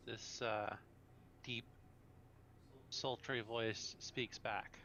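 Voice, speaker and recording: A man running a tabletop game as game master, narrating haltingly with many fillers. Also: medium pitch, sharp tone, slight background noise.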